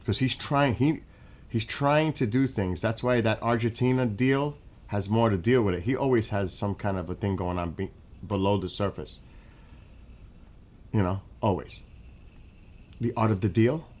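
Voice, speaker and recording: A man streaming and ranting in a casual monologue, animated and swearing. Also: fairly low pitch, normal speed, long pauses.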